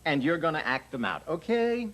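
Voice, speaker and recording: A man acting as an interviewer in a scripted language course dialogue, brisk as he calls out words one by one. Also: on the high side, sing-song, gravelly, a bit bright.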